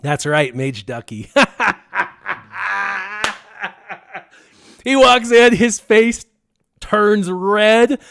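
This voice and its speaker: A man hosting a gaming channel, telling a story to his viewers in a casual, excitable and animated way, stressing words for effect. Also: high-pitched, clear, resonant tone.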